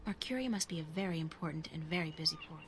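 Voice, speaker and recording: A woman's voice: low-pitched, animated, rapid-fire, a little hiss or hum. An actress voicing a wry, curious young woman adventurer in a video game, making offhand remarks. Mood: musing.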